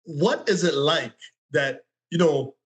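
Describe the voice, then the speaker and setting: A man's voice: fairly high pitch, lively intonation, takes it slowly. A man from Jamaica co-hosting an interview, playful and asking long, winding questions. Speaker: co-host. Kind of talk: casual interview talk.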